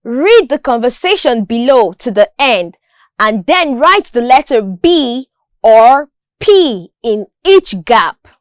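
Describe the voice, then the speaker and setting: Brief: woman, teacher, slow deliberate drills, bright lively pitch, dry close mic. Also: no echo. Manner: slow, carefully enunciated drills. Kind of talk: school lesson narration.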